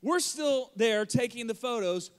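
A man in his forties, a pastor, preaching an Easter sermon with lively storytelling and jokes. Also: very high voice, a little slow, smooth. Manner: animated, acts out crowd voices and jokes. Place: church auditorium.

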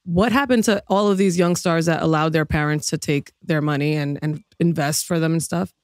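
Guy laughing thru his stories on a comedy podcast, kinda high voice, dead dry sound. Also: fairly even intonation, brisk, dry recording. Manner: laughing, rambling storyteller. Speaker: podcast co-host. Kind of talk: casual comedy podcast chat.

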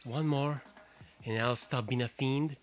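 A man giving excitable, swearing let's play commentary while he plays. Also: mid-range voice, unhurried. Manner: excitable, swearing, trash-talking. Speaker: gamer. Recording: game music clearly behind voice. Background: game music.

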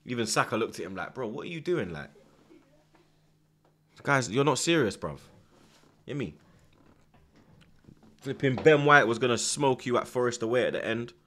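A man hosting a live football watchalong, reacting loudly to the match with slang and swearing, shouting instructions at the players. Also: mid-range voice, moderate pace, pauses often. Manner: excitable, shouts at the screen, heavy slang and swearing.

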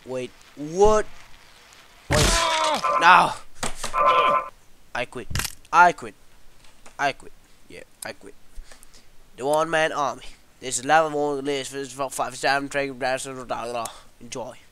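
A young man giving casual let's-play commentary, excitable and swearing as he yells at the game. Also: mid-range voice, a little slow, pauses often, smooth. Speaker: gameplay commentator.

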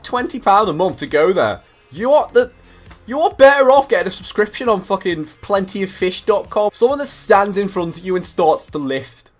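Young guy, high-ish voice, profane animated comedy rant to camera. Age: young adult. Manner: animated, sweary, acts out scenes. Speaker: comedy vlogger.

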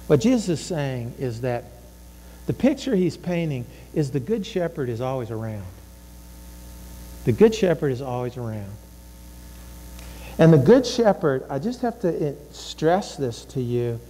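Emphatic pastor preaching in a reverberant hall. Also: male voice, medium pitch, very animated, measured pace, long pauses, mellow. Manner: emphatic, repeats phrases, voices inner thoughts. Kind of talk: sermon.

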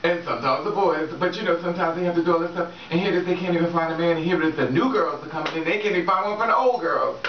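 A woman's voice: fairly low pitch, racing, hardly any pauses. A woman talking casually and frankly to her viewers, swearing freely and often laughing. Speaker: vlogger giving relationship advice. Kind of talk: casual straight-talking vlog. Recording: echoey room, distant dull mic, faint background noise.

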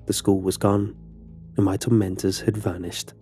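A man narrating a scripted horror story in a measured, somber way. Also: lowish voice, level tone, dark tone, faint music behind.

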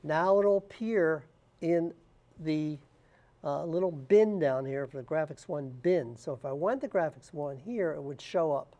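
A man walking through software steps one at a time in a plain, unscripted way, with frequent "uh" fillers. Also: fairly high pitch, animated, unhurried, lo-fi sound. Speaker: software tutorial instructor. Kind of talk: screen-recorded software walkthrough.

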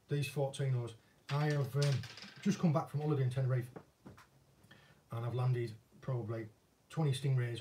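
Northern English fisherman, easygoing self-deprecating chatter, warm low-key voice, recorded a little off-mic. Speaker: angling vlogger and former commercial fisherman. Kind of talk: casual viewer Q&A chat. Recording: voice a bit distant from the mic.

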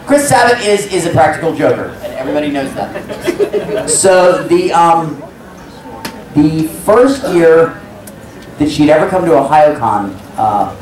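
Man panelist, lively voice, story in an echoey hall, heard from a distance, crowd and noise behind. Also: a little high, measured pace. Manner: rambling storyteller who acts out quotes. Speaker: convention panelist. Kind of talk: casual anecdote telling. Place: large convention hall with audience. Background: audience murmur and room noise.

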